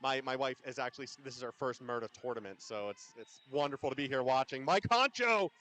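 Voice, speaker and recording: A man doing live roller derby commentary from an arena on a headset mic, shouting out the big plays. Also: mid-range voice, fast talker. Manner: excitable, yells big plays.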